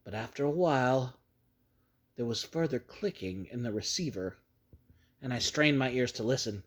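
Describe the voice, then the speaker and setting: A man narrating a horror story in a grave, measured storytelling manner. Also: mid-range voice, lively intonation. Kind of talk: dramatic reading of a horror story.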